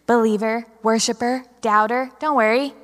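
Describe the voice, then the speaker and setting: A young woman preaching a sermon in a large church, telling stories with animated, dramatic delivery. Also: a little high, moderate pace. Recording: long hall reverb.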